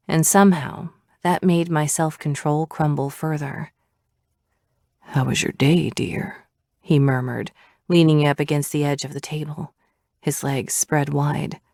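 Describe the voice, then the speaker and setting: A woman with a low voice reads a first-person romance audiobook with expressive, breathy asides. The recording is dry and close, with no echo at all. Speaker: audiobook narrator.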